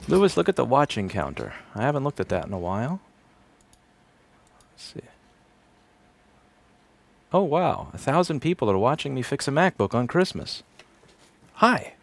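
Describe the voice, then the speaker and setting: Gravelly-voiced man rambling sardonically. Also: mid-range voice, very animated, normal speed, long pauses. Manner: rambling, sardonic, swears freely. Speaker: repair technician. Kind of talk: casual livestream chat while working. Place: repair shop.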